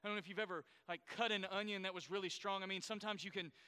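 A man's voice: high voice, fairly even intonation, very fast, sharp tone, clean tone, long reverb tail. A man preaching a sermon, explaining scripture and asking his congregation questions. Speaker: pastor.

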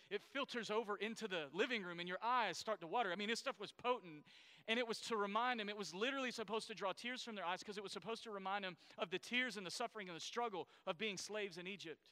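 A man's voice: high voice, pushed and bright, clear, resonant tone, in a large hall. A man preaching a sermon, explaining scripture and asking his congregation questions. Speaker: pastor.

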